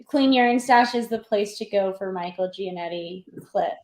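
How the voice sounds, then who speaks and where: A woman's voice: mid-range voice, normal speed, darkish tone, rough recording. A woman with a Valley Girl accent hosting a casual stream chat, enthusiastic and using upspeak.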